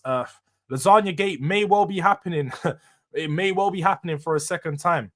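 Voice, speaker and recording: A young man, hosting a casual football live stream, opinionated and quick to laugh. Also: on the high side, fairly bright tone. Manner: chatty and opinionated, laughs often, uses slang. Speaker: football channel host reading live chat.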